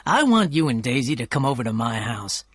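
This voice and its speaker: A man voicing a charming, wealthy young gentleman who speaks politely and easily. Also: medium pitch, sing-song, a little fast, breathy edge, dry recording. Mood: friendly.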